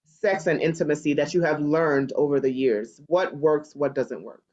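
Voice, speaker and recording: Man, host, slightly high voice, encouraging, thoughtful questions, dull lo-fi recording. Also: normal speed, darkish tone. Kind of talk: interview chat. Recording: dull lo-fi sound.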